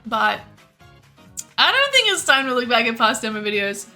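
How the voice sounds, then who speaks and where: Young woman streamer, candid and rambling, bright tone with faint music behind. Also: on the high side, very animated, moderate pace. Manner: candid, rambling, frequent swearing and laughs. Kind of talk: casual chat while cooking and gaming.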